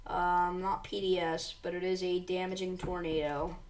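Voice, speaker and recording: Recorded from a distance with slight background noise, this severe weather livestream host has a fairly low, somewhat mellow voice, a level tone, and a moderate pace. Covering storms live, she reads tornado warnings out with urgency and talks straight to viewers, calling them "you guys."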